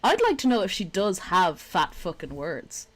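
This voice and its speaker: A woman's voice: on the low side, sing-song, normal speed. A young woman from Dublin with an Irish accent, chatting casually on a live stream, swearing and laughing often. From Ireland.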